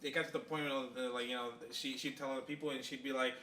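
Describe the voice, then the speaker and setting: A man's voice: medium pitch, little pitch movement, rapid-fire, a bit bright, roomy sound, slight background noise. A man co-hosting a podcast, telling a long story in a rambling, casual way with lots of fillers. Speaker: podcast co-host.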